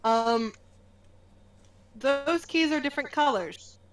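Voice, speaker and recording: A woman's voice: high-pitched, slow. A woman playing in a tabletop game, chatting casually and hesitantly with frequent ums. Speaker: player.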